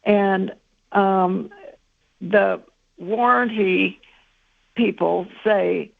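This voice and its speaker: A woman calling in to a radio show, calmly explaining her complaint step by step. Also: mid-range voice, drawn-out words, creaky, no room sound. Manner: matter-of-fact, explaining step by step. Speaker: caller. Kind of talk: phone-in complaint. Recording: tinny phone line.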